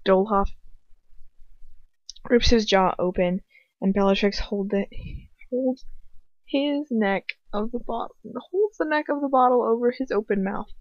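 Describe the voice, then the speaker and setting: A woman's voice: fairly high pitch, unhurried, long pauses, dry recording. A woman reading fan fiction aloud in first person, in an earnest way with occasional slips and restarts. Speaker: audiobook reader. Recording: dull lo-fi home recording.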